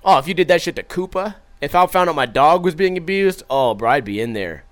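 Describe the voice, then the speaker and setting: Young man, casual profane streamer chat, animated delivery, lively pitch. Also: brisk. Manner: profane, animated, acts out his own stories. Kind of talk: casual chat reading viewer comments.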